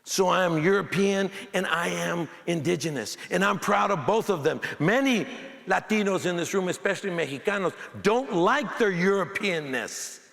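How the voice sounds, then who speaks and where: A man from the United States giving an animated, emphatic keynote speech with comic storytelling in a large auditorium. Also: sits high, moderate pace, creaky. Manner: animated, emphatic, joking with the audience. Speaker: keynote speaker. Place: large auditorium before an audience. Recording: echoey hall with faint crowd.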